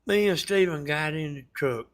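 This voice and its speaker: A man's voice: a little high, normal speed. A man with a Southern US accent, rambling through a casual story to his viewers in a folksy, colloquial way. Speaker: vlogger.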